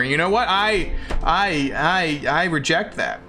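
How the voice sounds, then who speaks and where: Man, VTuber streamer, casual game chat, playful self-mocking jokes, gravelly edge, faint music. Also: fairly high pitch, expressive, a little slow, few pauses, sharp tone.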